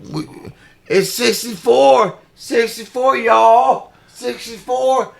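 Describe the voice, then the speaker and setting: A man's voice: mid-range voice, very animated, gravelly. A man doing a mocking impression of a woman politician, drawing out repeated phrases. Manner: mocking impression, drawn-out repetition. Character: woman politician putting on a folksy drawl.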